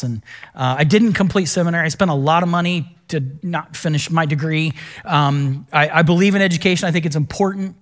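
A middle-aged male pastor preaching a sermon in a conversational, self-deprecating storytelling manner. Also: on the high side.

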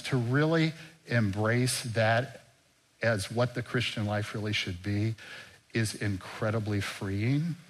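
Speaking at a medium pitch, an older man preaches as pastor. He sounds earnest and conversational, sometimes dropping soft and quiet.

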